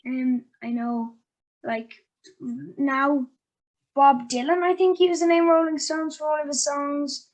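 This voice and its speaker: A woman's voice: high-pitched, fairly even intonation, unhurried, a little mellow. A woman hosting a casual interview, chatty and giggly, with lots of ums and likes. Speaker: interviewer and host.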